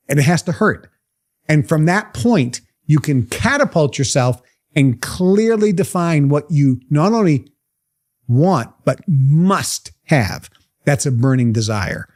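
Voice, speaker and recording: A motivational speaker, a man with a fairly high voice that swings widely in pitch. He talks emphatically, pressing his listeners with question after question. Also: very animated, takes it slowly, darkish tone. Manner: emphatic, fires rhetorical questions. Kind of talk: motivational talk to a live group.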